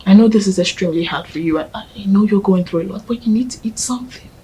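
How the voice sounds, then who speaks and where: An actress with a Nigerian accent playing a young woman softly comforting her grieving partner in a film. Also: medium pitch, fast, a little hiss or hum, lightly acted, low-quality recording. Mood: tender. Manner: gentle, coaxing, often whispering.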